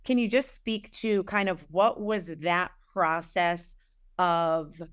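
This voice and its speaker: Smooth-voiced woman hosting an interview. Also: fairly low pitch, slow pace. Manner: frank, conversational, rephrases questions as she goes. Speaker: podcast host. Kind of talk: casual interview chat.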